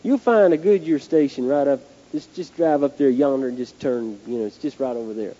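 A man's voice: mid-range voice, a little fast, mellow, lo-fi sound, pitched below the performer's own voice, lightly acted. A pastor putting on a drawling Southern patrolman. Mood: folksy. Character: friendly male Southern highway patrolman, folksy.

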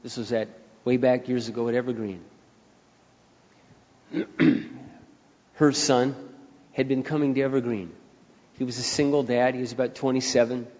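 An older man preaching a sermon as pastor, moving from quiet storytelling into loud, rising appeals. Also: mid-range voice, fairly even intonation, normal speed, pauses often. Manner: emphatic preacher who swings between soft storytelling and loud rising appeals. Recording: dull sound with long hall reverb.

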